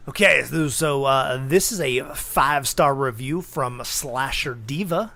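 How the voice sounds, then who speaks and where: A man's voice: mid-range voice, measured pace, pushed and bright. A man co-hosting a movie podcast, chiming in with short agreements and reading a review aloud. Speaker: podcast co-host.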